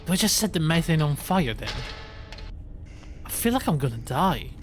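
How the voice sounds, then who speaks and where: A man's voice: a little high, big pitch swings, moderate pace, soft background music. A tired man streaming a horror game, reading logs aloud and rambling with yawns.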